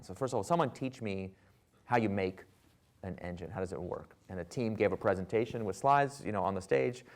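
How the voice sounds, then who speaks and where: Man, 30s, from the US, lower register; lively lecture-stage raconteur with dry humor. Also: fairly quick. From United States. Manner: animated, wry storyteller acting out dialogue. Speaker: author and speaker. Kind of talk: public lecture storytelling. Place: lecture hall with audience.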